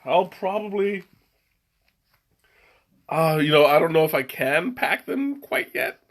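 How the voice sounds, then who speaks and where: A man's voice: on the high side, very animated, takes it slowly, a bit bright. A man hosting a casual live stream over tea, rambling and chuckling, often trailing off mid-sentence. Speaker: livestream host tasting tea. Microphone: webcam.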